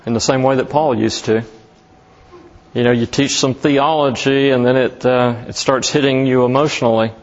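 A man preaching a sermon as pastor, slow and emphatic, lifting his voice on key words. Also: mid-range voice, fairly even intonation, dull audio.

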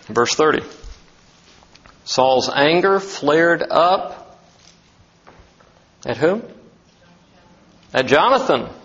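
A man's voice: fairly high pitch, a bit bright, highs cut off. A man preaching an expository sermon as a pastor, talking emphatically and asking many rhetorical questions.

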